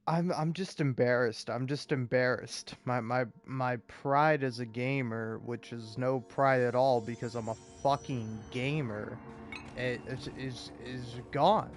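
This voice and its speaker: A man's voice: mid-range voice, steady tone, unhurried, faint music behind. Exasperated, stammering young gamer man. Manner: exasperated, stammering, self-mocking. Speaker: gaming channel host. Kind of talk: casual profane gameplay commentary.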